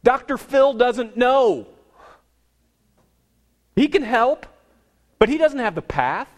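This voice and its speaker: Man, pastor, sermon, animated storytelling, loud-to-hushed swings, slightly high voice.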